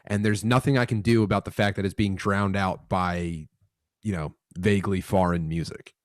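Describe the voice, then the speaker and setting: A man's voice: sits low, fairly even intonation, moderate pace, no room sound, clean studio sound. A man from Philadelphia, a podcast guest, talking in loose rambling chat with lots of swearing and fillers.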